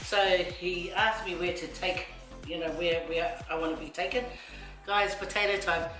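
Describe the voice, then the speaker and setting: A woman's voice: on the low side, fairly even intonation, normal speed, fairly bright tone. A middle-aged woman from Samoa telling a rambling story with laughing asides while she cooks. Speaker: vlogger. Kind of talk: casual storytelling while cooking. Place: home kitchen. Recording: echoey kitchen with faint music.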